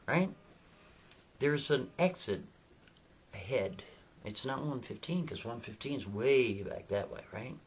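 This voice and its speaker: A man's voice: medium pitch, lively intonation, unhurried, long pauses, slight background noise. A man telling a spooky story in a chatty, casual way, checking in with the listener. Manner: chatty, asks listeners "right?".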